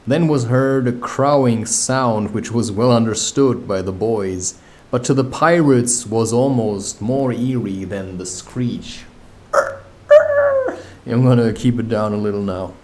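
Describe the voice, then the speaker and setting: A man's voice: mid-range voice, slow pace, a little mellow. A man reading a classic novel aloud, breaking off now and then for wry, offhand comments. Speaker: audiobook reader.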